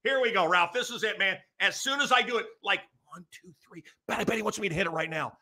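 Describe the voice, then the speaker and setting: A man's voice: sits high, fast talker, pushed and bright. A middle-aged American man hosting a show, rambling through a comic monologue and teasing his producer. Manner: joking, teasing the producer, building up a bit. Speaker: radio host.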